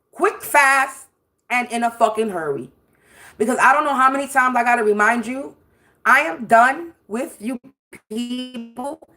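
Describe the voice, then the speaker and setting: A woman's voice: a little high, bright, forceful tone. A woman hosting a spiritual livestream, delivering a profane, confrontational rant with repetition and scattered laughs. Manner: laughs mid-sentence. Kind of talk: ranting livestream monologue.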